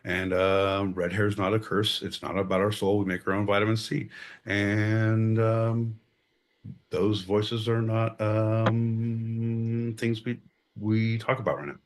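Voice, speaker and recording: Low-voiced man, brash podcast co-host. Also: little pitch movement, slow pace. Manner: loud, profane, mocking, bursts into exaggerated voices. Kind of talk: crude comedic banter.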